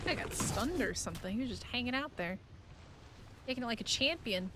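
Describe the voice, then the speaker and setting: A woman's voice: a little high, expressive, fairly quick, background noise. A woman streaming a survival game, giving casual commentary and playfully chatting to creatures and viewers.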